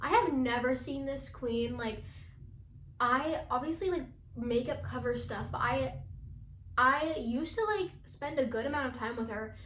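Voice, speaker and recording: Teenage girl, casual vlog chatter, fast and filler-heavy, slightly high voice, echoey room, faint background hum. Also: fairly bright tone. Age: teens. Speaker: vlogger. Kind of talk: casual chat.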